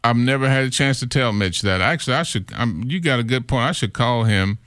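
A man's voice: mid-range voice, brisk, smooth, dry recording, studio quality. A middle-aged man who works as a radio imaging voice artist, telling stories in a casual interview and acting out the voices he quotes. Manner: animated storyteller who acts out quoted voices.

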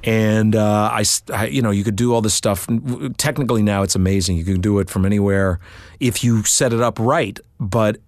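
A middle-aged man, a voiceover artist, telling work stories in an interview with animated asides and put-on voices. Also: on the low side, normal speed, dry recording, studio quality. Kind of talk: storytelling interview.

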